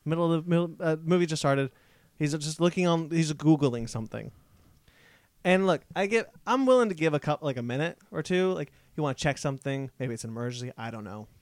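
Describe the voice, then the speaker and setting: A man's voice: a little high, lively intonation, fairly quick, no echo, clean studio sound. A man co-hosting a casual podcast, telling a rambling anecdote full of restarts. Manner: rambling anecdote with many restarts, acts out quotes. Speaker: podcast co-host. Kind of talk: casual chat, storytelling.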